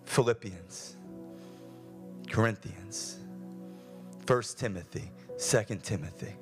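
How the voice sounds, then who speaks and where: A man's voice: a little high, normal speed, music in the background. A male pastor preaching a sermon in a church, earnest and repetitive, often restarting his phrases. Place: church sanctuary.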